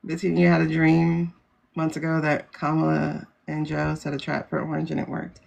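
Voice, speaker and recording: Woman, livestream host, rambling casual chat, gravelly fry. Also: sits low, completely flat delivery, normal speed, darkish tone. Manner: chatty, rambling, laughs often.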